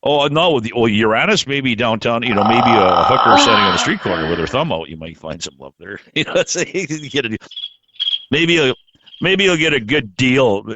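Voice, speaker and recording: A man hosting a podcast in casual chat, rambling and halting, swearing freely. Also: mid-range voice, big pitch swings, highs cut off, heavy background noise. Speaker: podcast host.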